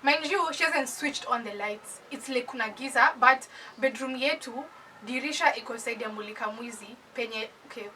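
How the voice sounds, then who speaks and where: High, bright young Kenyan woman. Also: normal speed, far from the mic, a little hiss or hum, low-quality recording. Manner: animated, switches between English and Swahili slang. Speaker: storyteller. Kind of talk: casual storytime monologue.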